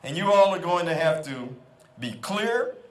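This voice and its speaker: A man's voice: on the high side, sing-song, unhurried. A man in his fifties giving a ceremonial keynote speech to students, exhorting and telling stories with emphatic repetition. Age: 50s. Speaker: keynote speaker. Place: school convocation hall. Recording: echoey hall.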